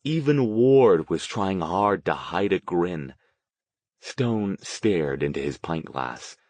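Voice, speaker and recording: A man narrating an audiobook with expressive storytelling. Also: low-pitched, takes it slowly, no echo. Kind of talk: scripted narration.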